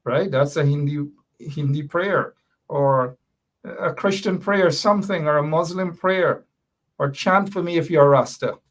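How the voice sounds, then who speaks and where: A man hosting a talk show, talking casually and emotionally, rambling and half joking as he asks listeners to pray for him. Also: on the high side. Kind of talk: casual live-stream talk.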